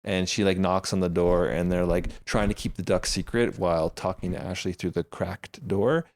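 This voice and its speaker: A man co-hosting a podcast in casual chat, animated and laughing often as he recaps a show. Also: deep voice, moderate pace. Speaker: podcast co-host.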